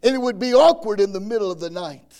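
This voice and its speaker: A man's voice: sits high, fast talker, mellow. A man preaching a folksy sermon, telling stories and acting out the quoted voices.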